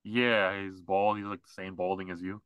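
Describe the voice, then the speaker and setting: A man's voice: deep voice, little pitch movement, normal speed, a bit bright, clear, resonant tone, no room sound. A man co-hosting a podcast, ranting in casual, mocking chat with lots of fillers. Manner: ranting, mocking, mimics others. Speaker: podcast co-host.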